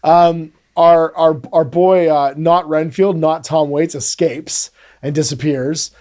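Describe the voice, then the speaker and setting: A man with a fairly high speaking voice co-hosts a casual podcast. He recaps a film's plot with animated energy and slips into the characters' lines as he goes. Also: takes it slowly. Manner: animated, retells scenes and acts out lines. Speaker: podcast co-host. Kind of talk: casual movie recap chat.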